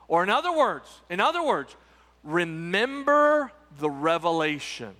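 High, bright-voiced male pastor preaching. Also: big pitch swings, unhurried. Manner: emphatic preaching, frequent repetitions and rhetorical asides. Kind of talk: Easter sermon. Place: church sanctuary. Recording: reverberant church sanctuary.

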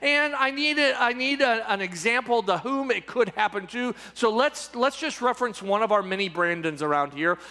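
Male pastor preaching, high pitched, lots of repeating for emphasis, echoey church hall. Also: normal speed, few pauses, sharp tone. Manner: emphatic, repetitive preaching with audience asides. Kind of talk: sermon.

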